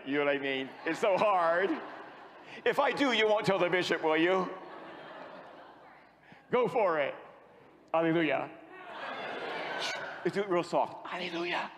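A priest giving a sermon as an animated storyteller who acts out the dialogue. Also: male voice, a little high, a little slow, pauses often, big-room sound, a little hiss or hum.

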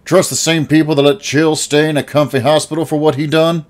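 A man voicing a gruff old junkyard caretaker who talks bluntly and sneers. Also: on the high side, level tone, brisk, voice pushed up, lightly acted. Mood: furious.

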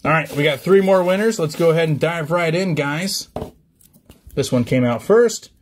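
A man hosting a trading card opening vlog, chatty and excited, rattling off card names. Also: on the high side, moderate pace, a little hiss or hum. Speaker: card-opening channel host.

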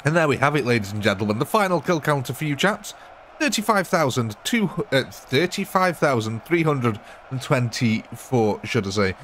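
A man's voice: medium pitch, big pitch swings, normal speed, a bit bright. A British man hosting a live gaming stream, with an easy, mid-height voice and faint hiss in the background. He chats and jokes with his viewers as the battle plays out. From Britain. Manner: jokey, chatty, replies to chat. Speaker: livestream host.

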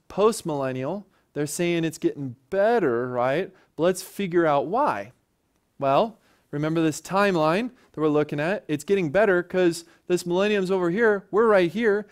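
A man with a somewhat high voice leads a church Bible lesson. He talks in a relaxed, conversational way and keeps checking in with his listeners as he explains. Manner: conversational, often checks in with "right?". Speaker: church teacher.

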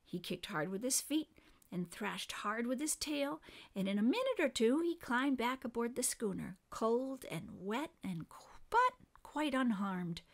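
Female reader, slightly high voice, expressive storybook narration. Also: a little slow. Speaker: reader of a children's book. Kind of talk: reading a storybook aloud.

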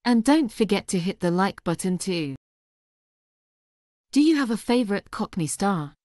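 A woman's voice: mid-range voice, animated, moderate pace, darkish tone, no room sound. Polite woman host, dry close sound. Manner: polite, encouraging questions. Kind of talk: interviewing in an English lesson.

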